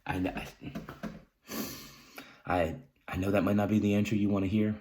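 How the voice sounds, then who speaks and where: A man giving earnest advice, emphatic and repetitive, often asking "right?" and clearing his throat between halting restarts. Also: on the low side, level tone, darkish tone. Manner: emphatic, repeats key phrases, says "right?" often. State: emotional. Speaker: vlogger sharing personal experience. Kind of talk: earnest direct-to-camera advice talk.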